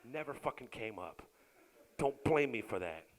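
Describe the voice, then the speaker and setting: A middle-aged man doing a stand-up comedy set, who bursts into loud shouts when he acts out scenes. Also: medium pitch, lively intonation, normal speed, rough recording.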